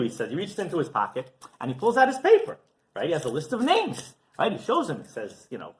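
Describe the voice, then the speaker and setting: A man's voice: fairly high pitch, quick pace. A rabbi giving a sermon as a story, chuckling often and checking in with his listeners. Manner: animated, chuckling, keeps asking "right?". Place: synagogue.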